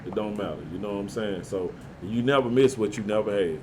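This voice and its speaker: A man's voice: lowish voice, fairly quick, slight background noise. A man telling a story as a podcast guest, casual and profane, often acting out what others said. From Birmingham, Alabama. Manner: animated, profane, acts out quotes.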